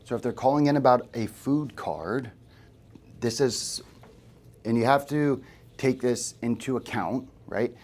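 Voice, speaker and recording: A man leads a sales training session in an office room, speaking in an easygoing, conversational way. He keeps turning to the room with quick questions to check that people follow. His voice sits at an ordinary middle pitch for a man. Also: a little mellow. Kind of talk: live sales training talk.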